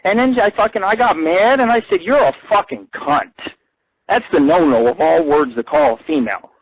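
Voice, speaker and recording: A young man with a fairly high voice rants crudely on his own internet radio show. His talk swings between low grumbling asides and loud, heated outbursts. The sound is dry and close, with no room around it. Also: big pitch swings, a little fast, gravelly, no room sound, rough recording. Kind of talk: profane rambling monologue.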